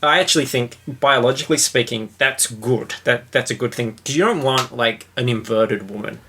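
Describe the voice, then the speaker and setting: Chatting casually about a book and the movie made from it, this male podcast host jokes, rambles, and uses plenty of fillers. His mid-range voice is bright and forceful at a normal speed, with slight background noise behind it.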